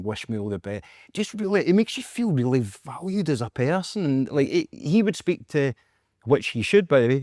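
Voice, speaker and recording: A Scottish man, a podcast co-host, telling a story in casual chat, animated and acting out quotes with frequent laughs. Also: medium pitch, dry recording, studio quality. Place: podcast studio.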